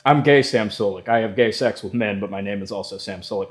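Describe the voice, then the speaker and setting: A man's voice: fairly low pitch, a little fast, a little hiss or hum. Crude, rambling young man hosting. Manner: profane, rambling storyteller with crude jokes. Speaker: podcast host. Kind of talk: casual solo monologue. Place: indoor room at home.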